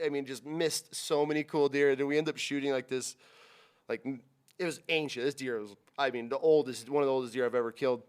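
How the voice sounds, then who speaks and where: A man who works as a hunting guide, from Utah, spinning a long story in relaxed podcast talk. He swears freely, drops to a whisper for tense moments and leaps up high when he acts out the others, his voice sitting at a middle pitch. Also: clear, resonant tone. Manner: animated, swearing, acts out quotes with big pitch jumps and whispers. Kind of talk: casual storytelling.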